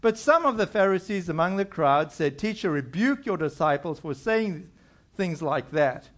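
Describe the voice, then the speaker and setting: A man's voice: high voice, lively intonation, moderate pace. A middle-aged male pastor preaching a conversational sermon, acting out quoted voices as he goes.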